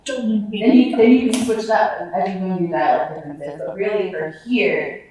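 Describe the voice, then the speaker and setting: A woman with a middle-pitched voice speaks frankly and with emphasis to a live audience. The sound is distant and full of room echo, as at a museum talk. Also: moderate pace, warm tone. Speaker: language team presenter. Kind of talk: public talk with audience questions. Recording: echoey room, far from mic.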